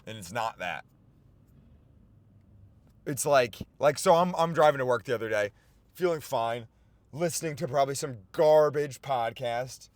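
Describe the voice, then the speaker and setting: Lively, rambling young man in a car. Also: medium pitch, measured pace, pauses often, dry recording. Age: 20s. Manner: animated, rambling, swears often. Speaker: podcast host. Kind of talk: rambling comic monologue. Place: inside a car while driving and parking.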